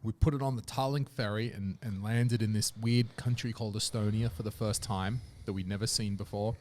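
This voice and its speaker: Aussie guy hosting a podcast, rambly travel stories, casual and animated. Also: fairly low pitch, a little fast. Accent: Australian. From Australia. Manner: animated anecdotal storytelling. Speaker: podcast host. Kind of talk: casual chat.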